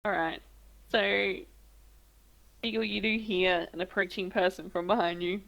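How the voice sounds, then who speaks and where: Bright-voiced woman game master. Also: fairly low pitch, fairly even intonation, moderate pace, rough recording. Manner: casual, loose, with fillers. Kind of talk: narrating a tabletop game.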